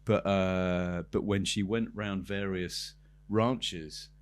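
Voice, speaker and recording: A man's voice: low-pitched, fairly even intonation, takes it slowly. A man co-hosting a comedy podcast, telling a rambling story with bursts of laughter. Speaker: podcast co-host.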